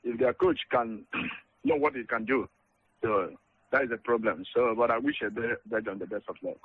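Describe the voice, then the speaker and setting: A man's voice: mid-range voice, moderate pace, slight background noise. A Nigerian man calling in to a radio show, rambling and thanking the station. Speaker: radio caller. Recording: dull phone line.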